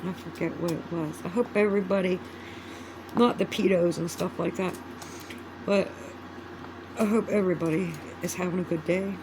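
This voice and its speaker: A woman's voice: lowish voice, steady tone, moderate pace, pauses often, noisy background. A woman vlogging in a casual, rambling chat. She swears freely and loses her train of thought.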